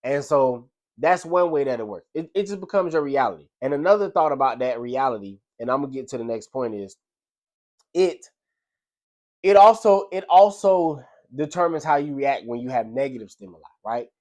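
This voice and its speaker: A man's voice: medium pitch, expressive, moderate pace, darkish tone. A man, a delivery driver, giving a casual motivational talk in a loose, slangy storytelling manner. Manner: loose, slangy storytelling with frequent "you know what I'm saying". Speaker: delivery driver sharing life lessons.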